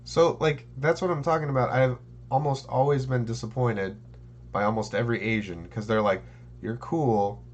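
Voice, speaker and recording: A man co-hosting a podcast in casual chat, telling stories and jumping into playful high impressions. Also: fairly even intonation, normal speed. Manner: storytelling, jumps into high childlike mimicry. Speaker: podcast co-host.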